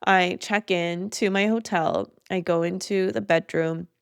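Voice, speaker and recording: A young woman hosting a podcast, telling a travel story in a chatty, animated way with many fillers. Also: fairly low pitch, measured pace, gravelly, clear, resonant tone, no room sound, clean studio sound. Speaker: podcast host. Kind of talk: casual storytelling monologue.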